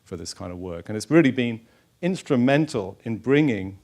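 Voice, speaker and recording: A man's voice: mid-range voice, lively intonation, normal speed, a little mellow. A middle-aged man, a researcher, giving a public science lecture with slides in an informal, chatty way, with many fillers and restarts. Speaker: stem cell researcher giving a talk. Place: lecture hall.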